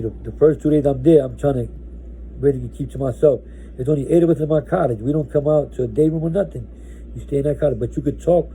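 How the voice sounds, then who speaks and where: A man's voice: medium pitch, mellow, a little hiss or hum, rough recording. A man from New Jersey telling his own story casually, rambling with lots of restarts. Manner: rambling, with many restarts and "right?".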